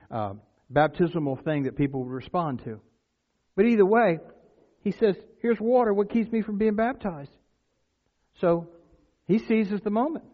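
A man preaching a sermon, telling stories and then building to emphatic points. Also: on the high side. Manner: storytelling, rises to emphatic exclamations. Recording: tinny phone-like sound.

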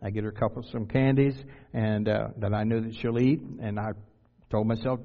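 A man's voice: lowish voice, steady tone, moderate pace, long reverb tail, highs cut off. A man from Delaware preaching a sermon in a conversational way, putting questions to his listeners and adding self-deprecating humor. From Delaware, USA.

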